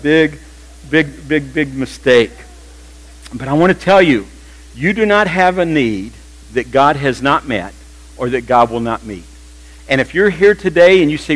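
An older man preaching a sermon in a church, animated and humorous, slipping into playful quoted voices. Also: mid-range voice, moderate pace, low-quality recording. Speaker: pastor.

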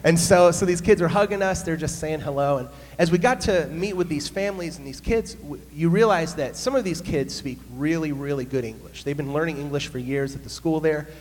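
A man, a pastor, telling a humorous story in an animated sermon. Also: fairly high pitch, fairly quick, hardly any pauses. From United States. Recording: long hall reverb, faint hum.

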